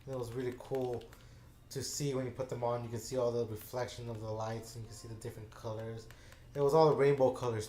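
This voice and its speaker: A gaming channel host, a man, rambles through a casual story, full of fillers, stopping and restarting often. His mid-range voice has a dark tone. The room echoes noticeably, with slight background noise.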